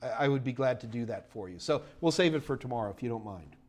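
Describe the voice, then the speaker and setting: A man's voice: medium pitch, animated, quick pace. A middle-aged man hosting a live Q&A stream, rambling and chatty with lots of fillers and sudden bursts of enthusiasm. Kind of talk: casual live-stream Q&A chat.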